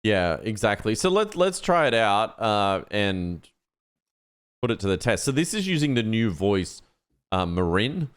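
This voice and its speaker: A man co-hosting a tech podcast, playfully testing an AI assistant with quick prompts. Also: fairly low pitch, very animated, smooth. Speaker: podcast co-host. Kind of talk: casual tech podcast chat.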